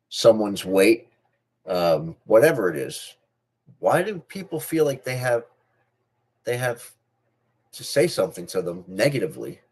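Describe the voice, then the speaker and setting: A man's voice: mid-range voice, breathy edge. Rambling middle-aged man with a speech difference. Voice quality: speech difference, not a stutter. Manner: rambling, repeats and restarts phrases. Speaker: channel host. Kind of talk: casual personal talk to camera.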